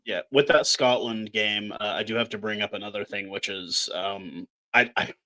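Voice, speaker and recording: A man's voice: on the low side, fairly even intonation, moderate pace, pushed and bright. A man from Canada co-hosting a casual podcast, talking bluntly and ranting with plenty of swearing. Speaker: podcast co-host. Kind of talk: casual chat.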